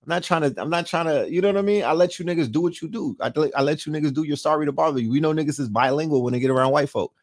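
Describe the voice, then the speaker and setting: Rapid-fire and barely pausing, a man with a voice on the high side hosts a late-night livestream, trash-talking brashly and profanely while constantly asking his viewers rhetorical questions. Studio-quality audio, no echo.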